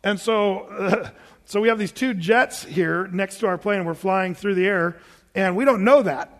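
A man's voice: high-pitched, measured pace. A male preacher telling a personal story to his congregation, chatty and self-amused, often laughing. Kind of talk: storytelling sermon to a live congregation. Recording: long reverb of a big hall.

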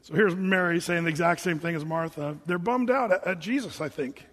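A man with a high voice preaches a sermon in a relaxed, chatty way. He moves between scripture readings and joking asides. Long reverb from a large hall trails behind him. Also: brisk.

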